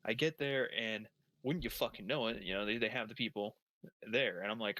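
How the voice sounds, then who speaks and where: Low forceful young man, rambling. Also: a little fast, no room sound. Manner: rambling, heavy swearing, many restarts. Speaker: gamer telling a story. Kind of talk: casual profane storytelling while gaming.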